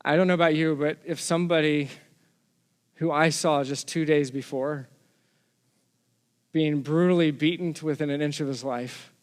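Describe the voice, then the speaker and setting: A man's voice: mid-range voice, in a large hall. A man from Texas, a pastor giving a sermon in a conversational storytelling way, often restarting his phrases.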